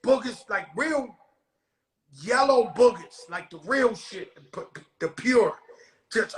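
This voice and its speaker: Loud, bright-voiced rowdy man host. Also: very high voice, a little slow, roomy sound, rough recording. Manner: rowdy, profane storytelling with shouted bursts. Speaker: show host. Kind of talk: casual chat.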